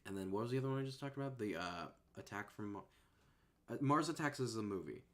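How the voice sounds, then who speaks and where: Laid-back low-voiced male streamer. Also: animated, fast. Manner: rambling, laid-back, trails off softly. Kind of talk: casual chat.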